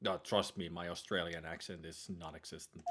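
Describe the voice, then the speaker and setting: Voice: deep voice, level tone, brisk, noisy background. A player chatting and joking with exasperation while voicing a story game. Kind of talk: casual banter over a game playthrough.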